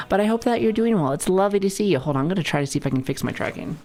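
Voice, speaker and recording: A woman's voice: medium pitch, lively intonation, fast talker, darkish tone, soft background music. A young adult woman chatting casually on a livestream, playful and joking, swearing and greeting viewers. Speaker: streamer.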